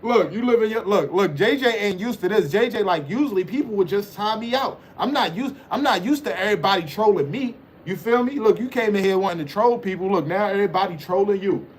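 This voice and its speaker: A man's voice: high-pitched, quick pace, few pauses, slight background noise. A man hosting a livestream, reading the chat and joking around in loose, teasing banter. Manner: loose, teasing banter with frequent "you know what I'm saying".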